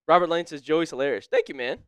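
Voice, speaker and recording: A man co-hosting a casual sports live stream, excitable and quick to laugh, reading viewers' names aloud as he calls the plays. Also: fairly high pitch, clear, resonant tone, no echo, studio quality.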